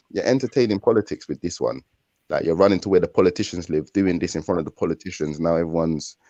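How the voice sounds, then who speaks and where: A man's voice: low-pitched, warm tone, no room sound, lo-fi sound. A young man with a London accent, talking casually in streetwise slang and rambling through his points. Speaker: podcast co-host. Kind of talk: casual chat.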